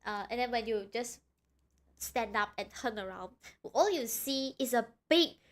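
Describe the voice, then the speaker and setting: A young woman streaming live, chatting in an excitable, rambling way with frequent giggles. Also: fairly high pitch, unhurried. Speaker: streamer reacting to a video. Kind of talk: casual live-stream chat.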